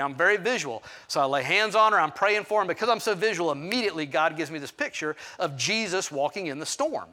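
Pastor guy telling a story in his sermon, pretty high voice, pokes fun at himself. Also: animated, brisk, few pauses, pushed and bright. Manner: candid, self-deprecating storytelling with asides.

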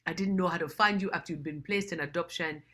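A woman voicing a remorseful West African father, speaking in a quiet, pleading way. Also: fairly high pitch, fast talker.

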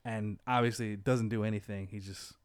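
A man casually retelling a comic book plot, quoting the characters in his own voice with lively bursts. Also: fairly low pitch, fairly quick, clean tone, no room sound, clean studio sound. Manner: animated storyteller, quotes characters in his own voice.

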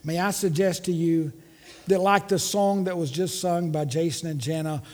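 A man's voice: fairly high pitch, steady tone, moderate pace, long reverb tail. A man preaching a Christmas sermon as pastor, asking many rhetorical questions and leading the congregation in call-and-response. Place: church sanctuary.

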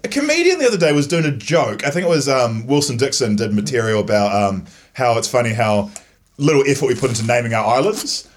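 A man hosts a loose, casual chat. His pitch leaps around animatedly, and he swears freely and laughs often. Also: lively intonation, quick pace. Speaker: podcast host.

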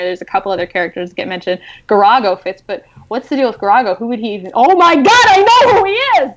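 A woman novelist talking casually about her writing, animated and excited, with many fillers. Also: on the low side, dull audio. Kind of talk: casual podcast chat.

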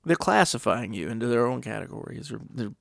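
A middle-aged man talks through a rambling, wry podcast monologue and slips into mock voices. His voice is gravelly at a middle pitch. The recording is dry and close. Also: expressive, brisk, a bit bright, no room sound. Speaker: podcast host. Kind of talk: casual monologue.

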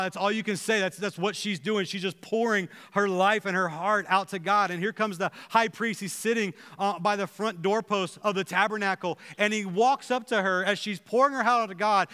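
A man preaches a sermon in a high, bright voice, earnestly acting out the prayers and dialogue he quotes. His tone is clear and smooth. The sound carries a long reverb from a large church hall. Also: brisk, few pauses. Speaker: pastor. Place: church sanctuary.

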